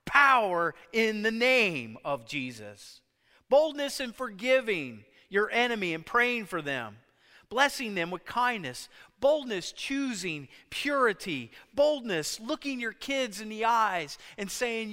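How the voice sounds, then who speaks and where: A man preaching a sermon, emphatic, swinging between loud stresses and hushed lines. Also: sits high, very animated, a little slow. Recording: long hall reverb.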